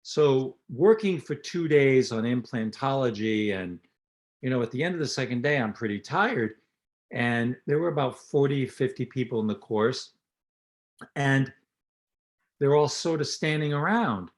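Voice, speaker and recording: An older man who works as a dentist and lecturer tells anecdotes and explains technique in an interview. His mid-range voice is expressive and a little slow, and he acts out the lines of people in his stories as he teaches.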